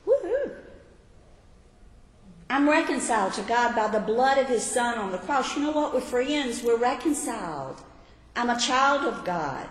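A woman preaching at a deliberate, unhurried pace, leaning on each key phrase and turning questions out to her listeners. Her voice rings through a large hall with a long, lingering reverb. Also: mid-range voice. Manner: emphatic, repeats key phrases, asks the audience questions. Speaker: women's Bible teacher. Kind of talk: sermon. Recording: echoey hall, voice carrying.

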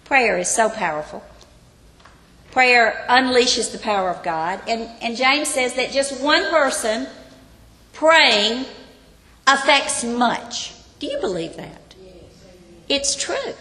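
A woman's voice: a little high, lively intonation, slow, pauses often, sharp tone. A woman Bible teacher giving an earnest sermon, often asking her listeners rhetorical questions. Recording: long reverb of a large hall.

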